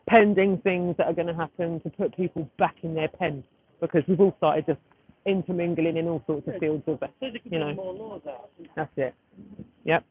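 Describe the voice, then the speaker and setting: A woman in her thirties chatting casually on a live stream, rambling and breaking off to fiddle with her phone, outdoors at a street gathering. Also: lowish voice. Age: 30s. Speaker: livestreamer. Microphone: phone camera. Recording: tinny phone-like audio with faint noise.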